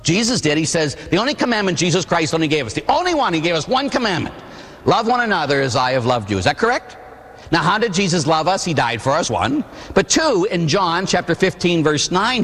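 A man in his forties from Pittsburgh, a priest preaching a sermon with animated storytelling and acted-out voices. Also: a little high, fairly quick, husky, in a large hall. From Pittsburgh, USA. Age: 40s. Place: church.

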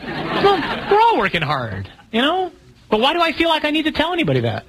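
A man preaching as a priest in a relaxed, conversational sermon, asking the audience questions and poking fun at himself. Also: very high-pitched, brisk, background noise. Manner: conversational, asks the audience questions, self-deprecating humor. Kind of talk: sermon talk to a congregation.

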